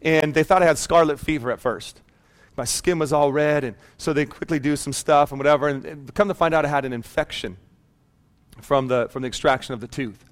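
His pitch sits fairly high and he talks a little fast as he preaches. The pastor, a man in his thirties, shares a personal story in an animated way and calls out to the people in the pews.

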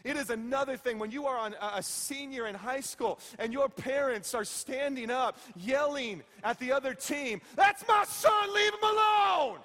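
A middle-aged man preaching a sermon as pastor, playful and emphatic, dropping to a hush and then rising to shouts. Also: very high voice, normal speed, hardly any pauses, long reverb tail. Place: church sanctuary.

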